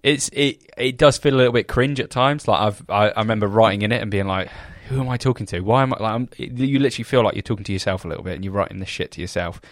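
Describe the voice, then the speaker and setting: A man's voice: lowish voice, quick pace, few pauses, no room sound, studio quality. A young man co-hosting a podcast, chatting casually in a rambling, hesitant, self-deprecating way. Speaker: podcast co-host, business owner. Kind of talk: casual chat.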